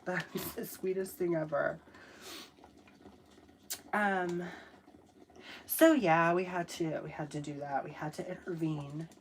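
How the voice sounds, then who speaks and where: A young adult woman chats slowly and unhurriedly on a casual livestream, thanking viewers by name and swearing offhandedly. Her voice sits a little low for a woman, and a faint hiss runs under it. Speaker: livestream host.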